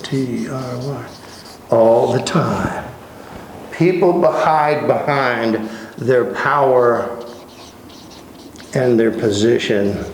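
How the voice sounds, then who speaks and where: Slow-talking male Bible teacher. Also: mid-range voice. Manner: conversational, dramatizing storyteller. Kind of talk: Bible study lesson. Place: church. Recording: very echoey room with noise.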